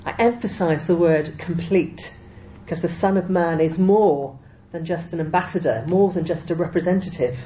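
Woman preacher, low mellow voice, measured emphatic sermon delivery, dull lo-fi recording with faint hiss. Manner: measured, emphatic Bible teaching with quoted scripture.

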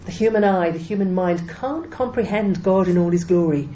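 A woman's voice: lowish voice, normal speed, warm tone. A woman preaching a sermon, teaching measuredly and with emphasis, often quoting scripture. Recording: dull lo-fi recording with faint noise.

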